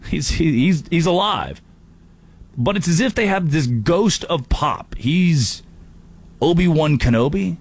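A man hosting a sports talk show, delivering an animated, jokey monologue with quick impressions. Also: a little high, breathy edge.

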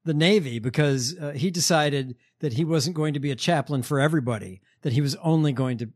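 A man hosting a podcast, talking casually in a slightly raised voice. He tells stories in a halting, sardonic way, with many fillers. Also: on the high side, darkish tone. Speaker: podcast host. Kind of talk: casual chat.

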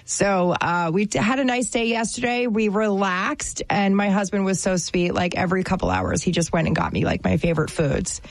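A woman from New Jersey co-hosting a casual chat, talking in a chatty, animated way full of fillers. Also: medium pitch, moderate pace, hardly any pauses, no echo.

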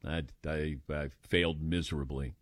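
A man's voice: very deep voice, steady tone, moderate pace, dry recording, studio quality. An older man hosting a call-in radio show, chatty and self-deprecating as he tells stories. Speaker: radio host. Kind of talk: casual call-in radio chat.

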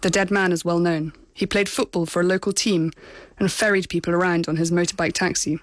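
Measured woman correspondent, dry studio read. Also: on the low side, steady tone, no room sound. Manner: measured, sober storytelling. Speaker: foreign correspondent. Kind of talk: scripted reportage narration.

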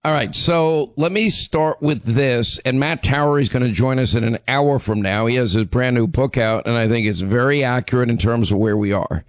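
A hoarse, middle-aged man delivers a talk radio monologue, pressing each point hard and stumbling over repeated words as he restarts his sentences. His voice sits at an ordinary pitch, and the sound is close and dry, with no room around it. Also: moderate pace, hardly any pauses, no echo. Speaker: radio talk show host.

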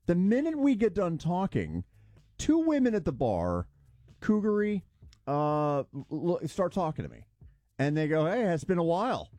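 A man's voice: high voice, measured pace, dry recording. A man co-hosting a radio show, telling a story in casual on-air banter and acting out the quotes. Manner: animated storyteller, acts out quotes.

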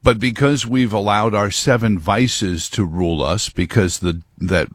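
A man's voice: lowish voice, unhurried, no echo. A man hosting a talk show, giving a rambling, emphatic monologue into a close mic. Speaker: radio talk host. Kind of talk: opinionated monologue.

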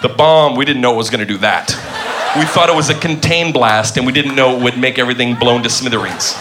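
A man doing a stand-up routine, loud and mocking, building up to shouts. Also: mid-range voice, fast. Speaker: stand-up comedian. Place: comedy stage before a live audience. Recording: noisy live show with crowd laughter. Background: audience laughing.

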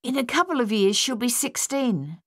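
A woman's voice: on the high side, big pitch swings, moderate pace, no echo, studio quality, pitched above the performer's own voice. A woman reading an earnest, sceptical young country man in an audiobook.

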